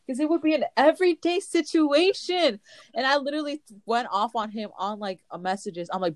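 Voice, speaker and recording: A woman's voice: fairly high pitch, animated, brisk, a little mellow, no echo. A young woman in casual chat with friends, telling a rambling story and laughing often.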